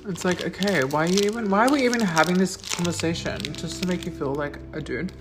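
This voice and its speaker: A woman's voice: fairly low pitch, quick pace, hardly any pauses, over music. A young adult woman, answering questions in a casual vlog, blunt and sweary, with lots of likes and ums. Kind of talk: casual Q&A monologue.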